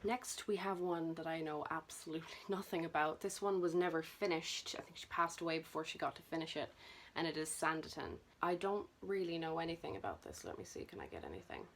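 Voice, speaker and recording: Young woman, lower voice, chatty, self-conscious, home vlog on the camera mic. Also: steady tone, brisk, slight background noise. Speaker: booktuber. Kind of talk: casual book collection vlog.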